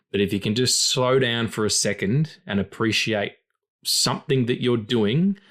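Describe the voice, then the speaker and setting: A man hosting a film podcast in casual chat, rambling and philosophizing with frequent swearing. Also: lowish voice. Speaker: podcast host.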